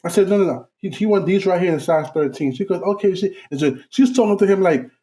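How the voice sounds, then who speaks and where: A man's voice: sits high, fast, dark tone. A man telling a funny story on a casual podcast, acting out other people's voices. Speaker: podcast co-host.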